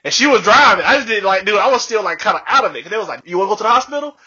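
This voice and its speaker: A young man casually telling a profane, animated story on a podcast, laughing often. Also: high voice, very fast, breathy edge. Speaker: podcast co-host. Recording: dull lo-fi podcast audio.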